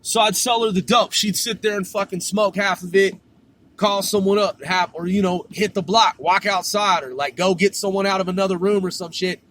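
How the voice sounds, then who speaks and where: Casually telling a story, a man with a high, fairly bright voice keeps a steady tone and moderate pace. He drawls, swears, and ends his sentences with "man" constantly.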